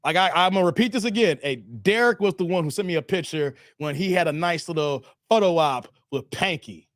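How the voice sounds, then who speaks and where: A man in his thirties hosting a casual live stream, animated and laughing often, his voice a little strained from long streaming. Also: fairly high pitch, fairly quick, dry recording, clean studio sound. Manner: animated, laughs often, breaks into playful sung bits. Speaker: live stream commentary host. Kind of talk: casual live stream chat reading donations.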